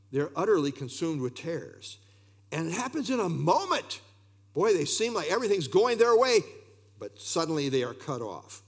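Earnest man preaching with a higher voice. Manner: earnest preaching with frequent "uh" fillers and scripture readings. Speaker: pastor. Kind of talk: expository sermon.

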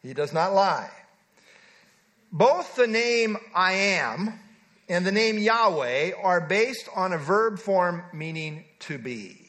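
High-voiced preaching man. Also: expressive, slow, a bit bright. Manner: emphatic, reads scripture aloud, digresses with asides. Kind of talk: sermon.

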